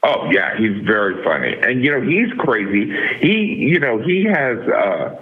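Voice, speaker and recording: A man's voice: medium pitch, sing-song, unhurried. A middle-aged man as a comedian guest in a casual interview, rambling with many fillers over a phone line.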